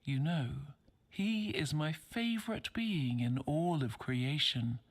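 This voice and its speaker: A woman voicing an ancient, tiny pale crone in a video game, speaking in a husky whisper, slow, cryptic and teasing. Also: low voice. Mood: playful. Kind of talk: voiced game character.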